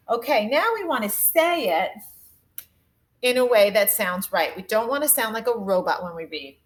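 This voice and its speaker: A young adult woman teaching a phonics lesson to young children from home, in a slow, sing-song teacher voice that exaggerates the rhythm of sentences. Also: mid-range voice, lively intonation, low-quality recording.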